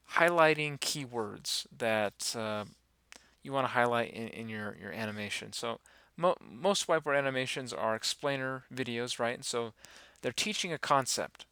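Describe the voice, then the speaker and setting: A man giving a relaxed, rambling software tutorial, talking through each step with many fillers. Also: medium pitch, unhurried, clear, resonant tone, no room sound. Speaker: animation instructor. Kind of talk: screen-recorded software tutorial.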